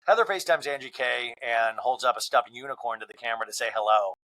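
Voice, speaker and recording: A man's voice: mid-range voice, fast talker, pushed and bright, low-quality recording. A man hosting a podcast, recapping a reality show on his own in a playful, joking way and slipping into impressions of the people on it. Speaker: podcast host. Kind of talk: comedic solo recap.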